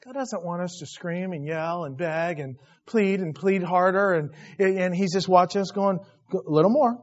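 A man preaching a sermon, telling stories with lively acted-out voices. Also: high voice, moderate pace. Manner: animated storytelling, acts out voices. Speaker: pastor. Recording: dull lo-fi recording.

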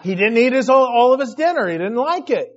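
A man preaching a sermon, telling stories with lively acted-out voices. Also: very high-pitched, a little fast. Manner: animated storytelling, acts out voices. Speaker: pastor. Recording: dull lo-fi recording.

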